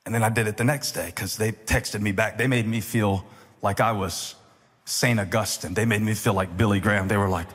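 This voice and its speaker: Man, pastor, husky voice, joking storyteller, builds to loud preaching, long hall reverb. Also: fairly low pitch, normal speed. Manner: animated, joking, rising to loud emphatic preaching. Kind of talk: humorous storytelling sermon.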